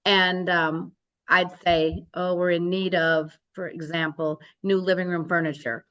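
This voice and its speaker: Chatty older woman, low voice. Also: a little slow, highs cut off. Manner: lively storyteller acting out quoted dialogue. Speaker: real estate broker, guest. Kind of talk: casual interview storytelling.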